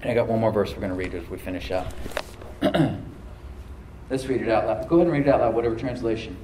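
Speaking quickly in a lowish voice, a middle-aged man preaches a sermon in a church hall, exhorting the congregation and repeating phrases to stress them. Background noise is present, and the room produces a spacious church echo.

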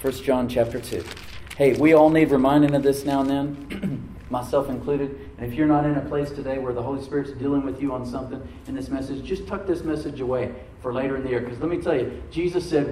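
Mellow-voiced male pastor preaching in an echoey room. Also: medium pitch, fairly quick, a little hiss or hum. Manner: conversational preaching with frequent "Amen?" prompts. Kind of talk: sermon. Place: church room before a congregation. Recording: echoey room, mic at a distance.

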